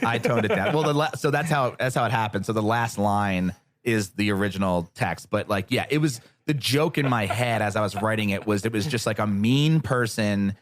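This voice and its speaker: A man as a podcast guest, telling a story in casual chat, animated, sarcastic and freely profane. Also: on the low side, moderate pace, no room sound.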